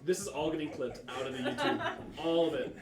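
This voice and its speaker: A young man hosting and running a tabletop game stream, joking loudly, laughing often and swearing casually. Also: fairly high pitch, a little fast, crowd noise. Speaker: game master and show host. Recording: roomy studio.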